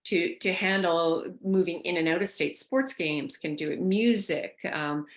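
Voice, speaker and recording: A woman's voice: lowish voice, measured pace. A woman presenting a caregiver workshop, talking loosely with fillers and restarts. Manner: conversational, thinks aloud with fillers and restarts. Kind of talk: online workshop talk.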